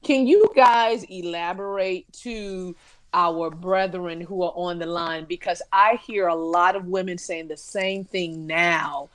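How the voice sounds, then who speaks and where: A woman's voice: lowish voice, takes it slowly. A woman moderating a podcast panel discussion, earnestly putting long questions to the others.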